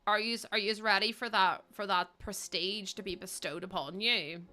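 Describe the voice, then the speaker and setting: A woman's voice: mid-range voice, normal speed, sharp tone, soft background music. A young woman from Northern Ireland with a Northern Irish accent, chatting casually with viewers while building in a game on a livestream. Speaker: game streamer.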